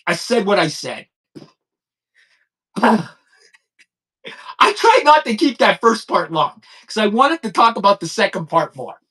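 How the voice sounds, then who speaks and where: A man in his fifties hosts a crime-commentary show in an extremely high, very animated voice that's bright and forceful, on a low-quality recording. His unscripted monologue is blunt, heated and repetitive, though he turns subdued and halting when recounting personal loss.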